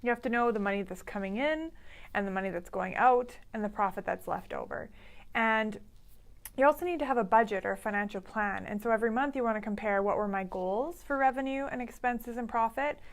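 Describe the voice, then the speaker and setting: Brief: woman coach, slightly high voice, upbeat and direct, casual live-stream talk. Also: fairly quick. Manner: upbeat, laughs easily, direct advice. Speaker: business coach.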